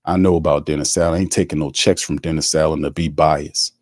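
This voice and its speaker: A man's voice: rumbling low, fairly even intonation, fast talker, no room sound. Man, sports podcast host, heated colloquial rant, dry close sound. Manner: heated, colloquial, talks to the chat. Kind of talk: sports talk commentary.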